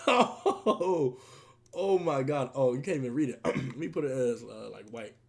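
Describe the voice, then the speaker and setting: A man's voice: medium pitch, animated, measured pace. A young man streaming casually, talking sports in heavy slang and laughing often. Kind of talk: casual livestream commentary.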